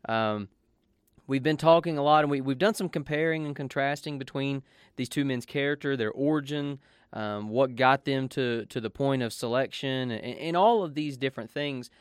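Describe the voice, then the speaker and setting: A man's voice: medium pitch, moderate pace, smooth, dry recording, clean studio sound. A man leading a devotional, explaining a passage in an earnest, conversational way. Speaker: devotional teacher. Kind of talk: radio devotional teaching.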